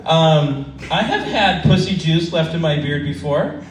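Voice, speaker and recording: A man's voice: fairly high pitch, lively intonation, a little slow, a crowd in the background. A middle-aged man doing a stand-up comedy set at an open mic, telling crude stories in a rambling way with lots of fillers. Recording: echoey club from a distance. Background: audience laughter.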